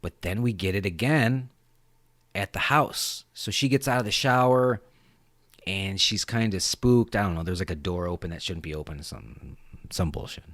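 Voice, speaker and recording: A man's voice: sits low, normal speed, no room sound, clean studio sound. A man hosting a podcast, recapping a movie scene in a casual, rambling way with lots of swearing. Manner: animated, profane, rambling. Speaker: podcast host.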